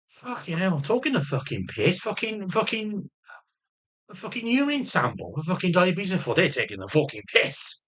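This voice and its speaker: A man's voice: sits high, huge pitch swings, normal speed, a bit bright. Sweary, agitated man ranting. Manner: swears constantly, rambling and repetitive; agitated, defensive rant. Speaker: vlogger. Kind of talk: ranting personal health update.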